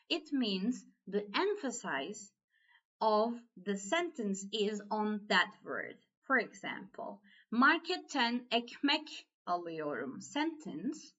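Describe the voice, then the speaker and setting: A Turkish-accented woman, a native Turkish speaker, leads a language lesson at a very slow, deliberate pace. She walks through each point patiently, with non-native English phrasing. The audio sounds slightly dull and muffled. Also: on the high side, fairly bright tone. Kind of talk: slow explanatory online lesson.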